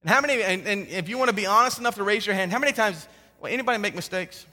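A male pastor preaching a sermon, swinging between loud emphasis and hushed tones. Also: high-pitched, rapid-fire. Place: church sanctuary with a congregation. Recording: long hall reverb.

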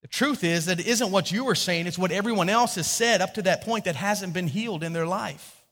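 High-voiced pastor preaching in a reverberant hall. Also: male voice, brisk. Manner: animated storytelling, acting out quotes, frequent restarts. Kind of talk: sermon.

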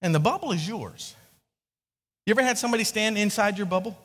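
A man's voice: sits high, lively intonation, quick pace, fairly bright tone. A male pastor preaching a sermon in a conversational way, repeating words and asking the congregation questions, in a church. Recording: echoey hall.

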